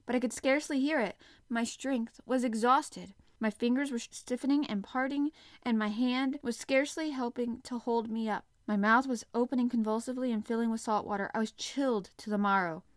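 A woman narrating a classic adventure novel aloud in the first person, with expressive, dramatic storytelling. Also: a little high, dry recording, studio quality. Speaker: audiobook narrator.

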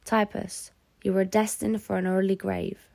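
A woman voicing a kindly older French man, a prisoner who speaks calmly and gently in an audiobook. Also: sits high, creaky, no room sound. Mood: gentle. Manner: calm, kindly, measured. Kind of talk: audiobook character voice.

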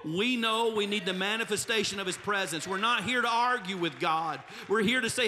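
A man's voice: high-pitched, fairly quick, few pauses, sharp tone, big-room sound, a little hiss or hum. A male pastor, preaching a humorous, emphatic sermon with asides to the congregation. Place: church sanctuary.

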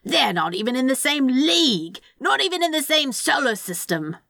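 A woman reading aloud and voicing a dramatic, paranoid male demon who yells indignantly. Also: medium pitch, expressive, a little slow, dry recording, studio quality. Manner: theatrical, indignant yelling.

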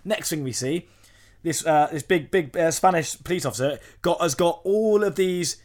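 Young bloke, fairly high voice, animated anecdote with laughs. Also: male voice, normal speed. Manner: animated, laughing storyteller, acts out quotes. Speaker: podcast co-host. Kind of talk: casual storytelling chat.

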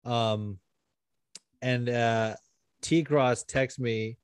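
A man's voice: medium pitch, steady tone, extremely slow, smooth, no echo. A man hosting a podcast in casual chat, rambling with lots of fillers, laughing often and swearing. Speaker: podcast host.

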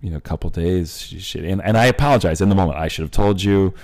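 A man's voice: low-pitched, fast talker, a little mellow. A man co-hosting a podcast, chatting casually, blunt and profane, spinning jokey hypothetical stories. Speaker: podcast co-host. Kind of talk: casual chat.

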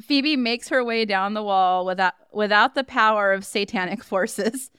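A woman's voice: mid-range voice, normal speed, a bit bright, smooth, no room sound, studio quality. A woman co-hosting a podcast, recapping a movie's plot in a casual chat, with laughing, sarcastic asides. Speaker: podcast co-host.

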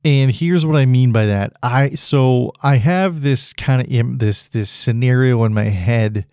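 A man's voice: medium pitch, measured pace, a little mellow, smooth, no room sound, clean studio sound. A man hosting a solo podcast, rambling casually and laughing at his own jokes. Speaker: podcast host.

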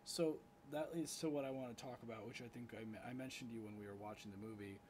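A man with a mid-range voice co-hosting a casual podcast, animated and quick to get louder when he is worked up. Faint background noise runs beneath him. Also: medium pitch. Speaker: podcast co-host. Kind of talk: casual chat.

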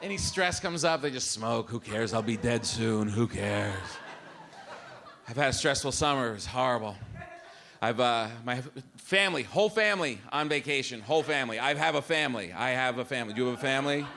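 A middle-aged man performing a live stand-up routine, animated, acting out the voices of his family. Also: medium pitch, fast talker, gravelly. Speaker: stand-up comedian. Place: comedy club stage. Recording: live club with audible room noise.

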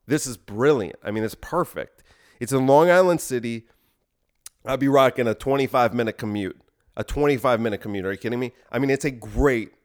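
A man hosting a podcast, delivering a rambling, self-deprecating comic monologue. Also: mid-range voice. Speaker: podcast host.

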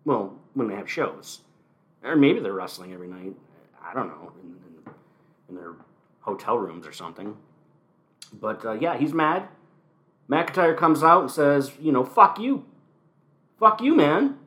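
Male podcast host, animated delivery, sarcastic commentary, solo recap from home. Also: medium pitch, moderate pace, long pauses. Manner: wry, sarcastic asides. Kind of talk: casual solo wrestling recap.

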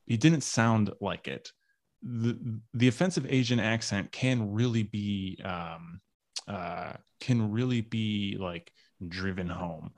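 A man's voice: on the low side, takes it slowly, no echo. A man co-hosting a casual podcast chat, rambling with many fillers and restarts. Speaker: podcast co-host.

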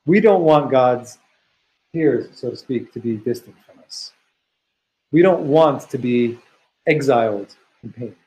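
A man's voice: mid-range voice, expressive, a little slow, pauses often, mellow, rough recording. A man teaching a study session. He reads Hebrew passages aloud and explains them in an earnest, searching way, often restarting his phrases. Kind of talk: text study lesson.

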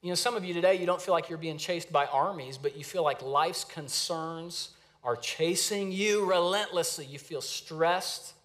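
A man in his thirties preaching a sermon in a conversational, storytelling way with lively asides. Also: on the high side, normal speed. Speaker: pastor.

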